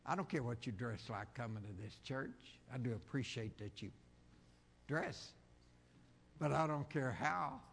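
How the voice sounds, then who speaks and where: A man preaching a sermon as pastor, impassioned, rising to loud high-pitched cries, slow and deliberate. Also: lively intonation, creaky. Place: church hall. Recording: long reverb of a church hall.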